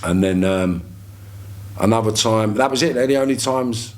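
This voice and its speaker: A man's voice: on the low side, moderate pace. A man, a podcast guest telling long casual stories in coarse street slang, with many restarts. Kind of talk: casual storytelling.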